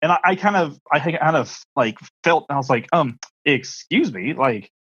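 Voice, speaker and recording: A man's voice: a little high, expressive, normal speed, fairly bright tone, husky, lo-fi sound. A man co-hosting a podcast, telling an awkward story in a rambling, self-deprecating way. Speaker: podcast co-host. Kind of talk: casual chat.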